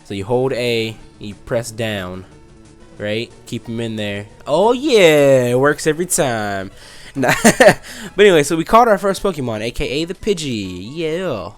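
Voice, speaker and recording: A young man in his twenties talks casually over his gameplay, rambling and breaking off his story to react to the game. His voice sits at an ordinary middle pitch. Faint game music plays behind him. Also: animated, unhurried. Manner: rambling, distracted, restarts mid-sentence while playing. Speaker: let's play host.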